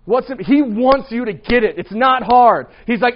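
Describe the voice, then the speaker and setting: A man with a high voice leads a Bible class and talks to his students in a loose, conversational way. He keeps quizzing them and checking in with "right?". The recording sounds dull and lo-fi. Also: moderate pace. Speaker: Bible teacher.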